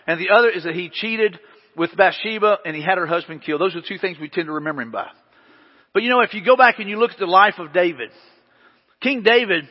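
A male pastor with a high, husky voice delivers a folksy, story-driven sermon to his congregation. His voice trails off into a long church-hall echo, and the recording sounds dull and lo-fi. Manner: conversational, storytelling preaching with folksy asides.

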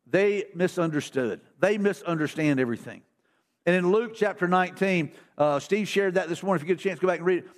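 A man preaching a casual, conversational sermon as pastor in a church, with folksy repetitions and restarts. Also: sits high. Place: church sanctuary.

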